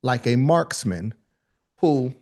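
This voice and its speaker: A speaking coach runs a live online workshop at a slow pace. He's lively, colloquial and high-energy, calling on attendees by name.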